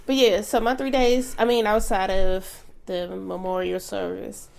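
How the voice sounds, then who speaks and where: A woman's voice: mid-range voice, little pitch movement, a little slow, creaky. A woman co-hosting a casual podcast with her husband, giving short, blunt replies and telling stories plainly. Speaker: podcast co-host. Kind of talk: casual chat.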